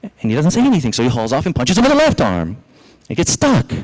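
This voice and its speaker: A male pastor with a Southern US accent preaching a sermon, telling a story in an animated way and speaking directly to the congregation. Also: a little high, fairly quick, rough recording.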